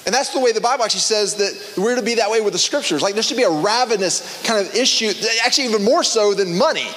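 High-voiced man preaching casually. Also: fast talker, long reverb tail. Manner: conversational, animated, many restarts and fillers. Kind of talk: casual sermon.

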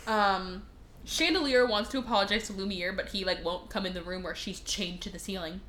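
A woman's voice: a little fast, slight background noise. A woman chatting on a podcast, retelling a movie with lots of swearing and acted-out lines. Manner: animated, swears, acts out characters in high voices. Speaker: podcast guest. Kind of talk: casual podcast chat.

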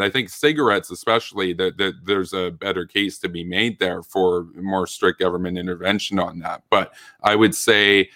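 A man arguing his side in a political debate, earnest and halting, often restarting his sentences. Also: low-pitched, bright, forceful tone, dry recording, clean studio sound. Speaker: debate guest.

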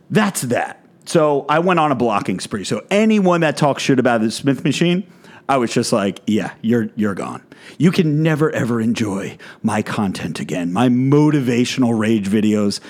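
A man's voice: medium pitch, darkish tone. A man, a fitness content creator, delivering a blunt, profane rant in a vlog monologue.

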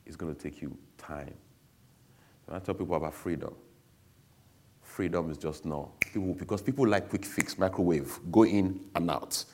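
A man's voice: low voice, normal speed, darkish tone, a little hiss or hum. A man giving a candid, emotional personal testimony to an audience, speaking bluntly.

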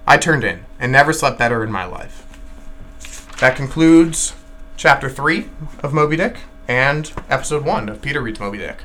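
A man reading a classic novel aloud in a lively, expressive way, with occasional slips and restarts. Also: mid-range voice, normal speed, a little hiss or hum. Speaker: reader of a novel.

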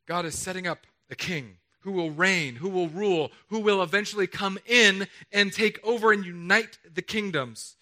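A pastor in his thirties delivers a sermon from a church stage, his voice high and pushed hard with a bright, tense edge. He is animated and playful, slipping into voices for the quotes and cracking jokes with the crowd. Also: moderate pace, few pauses. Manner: animated, jokey, acts out the quotes he reads. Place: church stage under hot lights.

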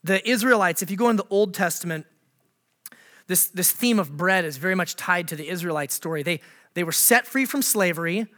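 A male pastor delivers a lively, conversational sermon in a church. His voice sits high and bright, and he keeps turning to the congregation with questions and small jokes. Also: a little fast. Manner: animated, laughs at his own jokes.

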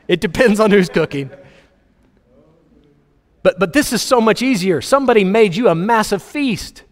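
A man preaching a sermon, reading scripture aloud and joking with the congregation in an animated way. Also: fairly high pitch. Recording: long hall reverb.

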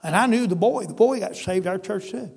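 A man's voice: high-pitched, fairly quick, creaky, darkish tone, breathy edge, in a large hall. A male pastor telling a story in a folksy, emphatic sermon. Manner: folksy, emphatic, addresses listeners as brother.

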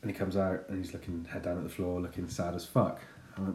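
A man in his thirties telling a funny story about his son in a casual, sweary, animated way. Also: low voice, quick pace. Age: 30s. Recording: echoey room.

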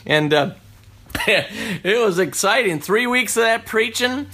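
A man giving a personal conversion testimony in a reflective, unhurried way, often restarting his sentences. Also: high-pitched, animated, pushed and bright, husky.

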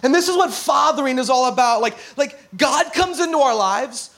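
A man's voice: very high voice, expressive, normal speed, sharp tone. A man in his thirties, a pastor preaching a chatty, emotional sermon in church. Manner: conversational and emotional, with a lot of laughter.

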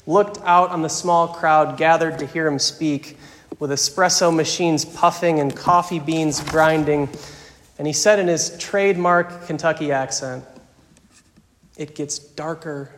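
A man preaching a sermon in measured, rhythmic lists, at times dropping to a hushed voice. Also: a little high, slight background noise. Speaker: pastor. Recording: long hall reverb.

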